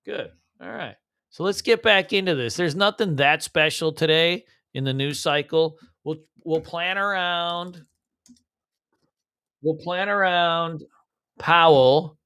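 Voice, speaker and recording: Man, trading stream host, slightly high voice, casual slangy talk, hums filler beats. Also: bright, forceful tone, clear, resonant tone. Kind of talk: casual live market commentary.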